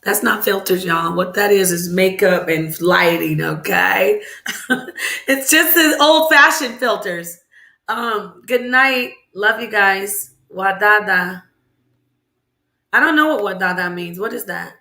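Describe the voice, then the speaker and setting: A woman's voice: mid-range voice, takes it slowly, vocal fry, pushed and bright. A woman hosting a casual livestream, chatting loosely, reacting to viewer comments and asking them questions aloud. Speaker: livestream host. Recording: roomy echo.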